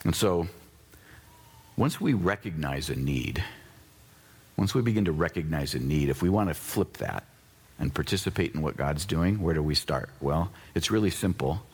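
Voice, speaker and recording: This pastor's voice is husky, and he preaches at normal speed in a casual, conversational manner. Bursts of high excitement alternate with quieter, earnest asides.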